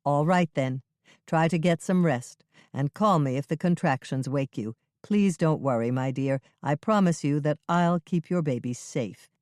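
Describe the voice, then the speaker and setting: Gentle older man, read by an audiobook narrator, calm and reassuring, dry close recording. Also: mid-range voice, a little slow, no echo, natural voice. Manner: gentle, soothing. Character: kindly older man caring for a stranger. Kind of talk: audiobook reading.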